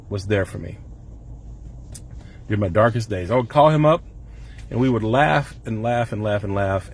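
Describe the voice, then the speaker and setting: A middle-aged man speaks straight to his camera in an earnest, rambling way, his voice tight as he holds back tears. His voice sits on the low side. A faint hum of room ambience runs underneath. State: emotional, holding back tears. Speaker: vlogger. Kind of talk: personal emotional vlog. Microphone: camera mic.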